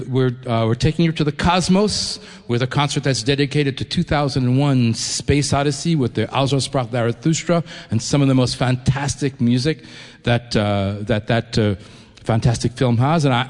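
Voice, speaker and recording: A New York-raised man with a mid-range voice speaks at a normal pace to a concert audience in a concert hall. He's an orchestra executive giving a live address, enthusiastic and conversational, often restarting his sentences. The recording carries a long hall reverb.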